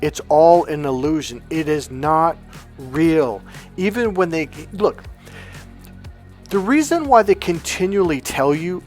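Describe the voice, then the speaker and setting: A man's voice: on the high side, lively intonation, a little slow, a little mellow, faint music behind. A man giving a motivational vlog monologue as a coach, blunt, profane and emphatic. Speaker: relationship coach.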